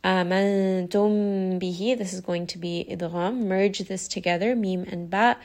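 In a patient, methodical tajweed lesson, a woman explains Quran recitation and slows down to model the recited words herself. Her voice is on the low side, with vocal fry.

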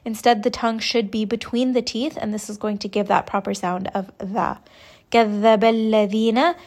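A young woman teaching Quran recitation rules, explaining each point slowly and patiently. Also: medium pitch, steady tone, darkish tone. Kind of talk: step-by-step tajweed lesson.

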